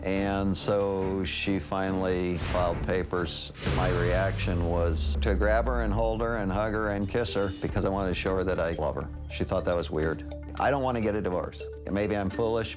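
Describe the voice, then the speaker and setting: A man on a talk show as a guest about his marriage, halting, stammering and defensive. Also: low-pitched.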